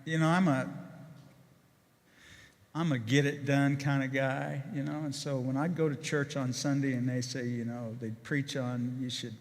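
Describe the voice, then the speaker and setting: An older man, a retired chief executive, telling stories in a casual, animated way with many restarts and asides, as a guest in a church service. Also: mid-range voice, moderate pace. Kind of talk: casual testimony on stage. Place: church auditorium. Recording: long reverb of a church hall.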